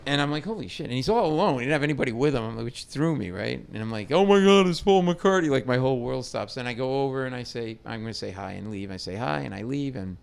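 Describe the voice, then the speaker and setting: A middle-aged comedian telling a story in chat, animated and acting out quotes loudly. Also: male voice, medium pitch, fast talker, vocal fry, few pauses. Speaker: comedian guest.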